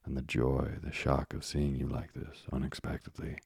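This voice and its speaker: A man voicing a frail elderly father who talks in broken, halting phrases. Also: a bass voice, monotone, creaky, darkish tone, slightly rough, no room sound, studio quality, full character voice. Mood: overwhelmed.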